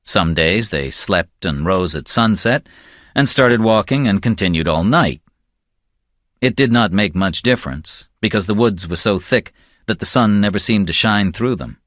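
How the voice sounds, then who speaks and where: A man giving scripted audiobook narration in a slow, measured, somber way. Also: fairly low pitch, lively intonation, fairly bright tone, no room sound, clean studio sound.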